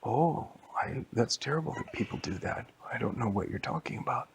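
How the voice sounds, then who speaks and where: A man voicing a mischievous boy character in a softly whispered bedtime-style story. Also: medium pitch, lively intonation, normal speed, creaky, a little hiss or hum. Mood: eager.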